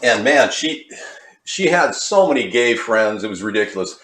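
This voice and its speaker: Speaking at normal speed with lively intonation, a man with a medium-pitched, slightly bright voice cooks on a livestream in his home kitchen, which echoes with faint clatter. He's from Hollywood, California, and rambles to his chat in conspiratorial asides.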